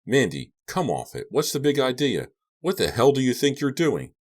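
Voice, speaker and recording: A man voicing a panicked teenage boy tied to a chair in an audiobook, shouting and pleading. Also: medium pitch, sing-song, normal speed, pitched above the performer's own voice. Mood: frantic, shouting. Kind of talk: audiobook character voice.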